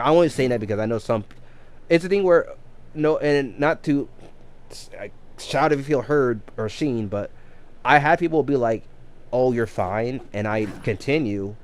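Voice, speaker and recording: A man in his thirties chatting casually on a live game stream, rambling with many restarts and repeated words. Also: mid-range voice. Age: 30s.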